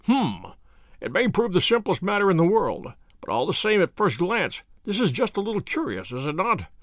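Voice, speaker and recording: A man voicing a cool, dry detective who speaks in a measured, thoughtful way. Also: sits high, wildly swooping pitch, fairly bright tone, dry recording, exaggerated voice. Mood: musing.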